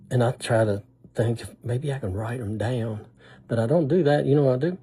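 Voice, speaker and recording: An older man talks in a loose, rambling monologue, poking fun at himself in a folksy manner. His voice is husky and soft-edged, with a dark, mellow tone. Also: medium pitch, normal speed. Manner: rambling, self-deprecating, folksy. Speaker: humor vlogger. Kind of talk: casual storytelling monologue.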